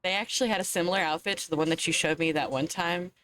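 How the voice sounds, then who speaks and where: A woman's voice: on the low side, quick pace, fairly bright tone. A woman from Southwest Virginia with a Southwest Virginian accent, chatting casually on a stream, swearing and laughing often.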